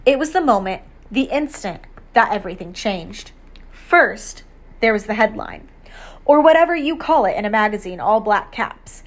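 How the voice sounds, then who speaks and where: A woman reading an audiobook aloud, measured storytelling narration in the first person. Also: mid-range voice, expressive.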